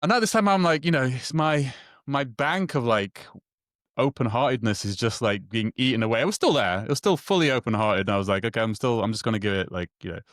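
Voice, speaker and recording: A man's voice: medium pitch, no echo, clean studio sound. A man telling a long personal story in casual conversation, stumbling over restarts and repeated words and acting out the dialogue. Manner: halting, many restarts and repeated words, acts out quoted dialogue.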